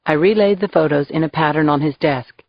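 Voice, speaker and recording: A woman's voice: low-pitched, fairly quick, vocal fry, no room sound, highs cut off. A woman narrating a first-person crime novel in a wry, dry manner. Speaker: audiobook narrator.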